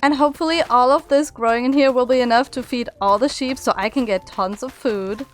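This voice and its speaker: A young woman giving a chatty, playful and self-mocking voice-over for her building game, with faint music behind her. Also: sits high. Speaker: Minecraft YouTuber.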